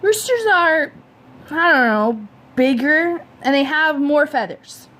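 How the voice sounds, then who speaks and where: A cocky schoolboy, voiced by a woman reader tosses off teasing lines. It is a storybook read-aloud in a fairly high voice. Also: expressive, takes it slowly, fairly bright tone, exaggerated voice. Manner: offhand and teasing.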